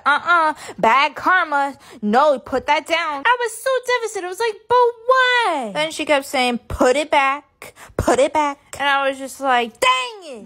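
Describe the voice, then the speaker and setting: Loud, upbeat young woman telling a story. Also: sits high. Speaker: comedy creator. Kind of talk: comic storytelling. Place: in Florida.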